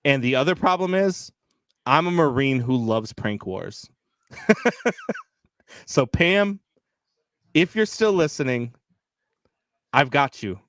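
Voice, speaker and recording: Slow and given to long pauses, a mid-range male voice co-hosts a casual live sports podcast chat. He's an animated, chatty storyteller full of fillers, recorded dry and close with no room sound.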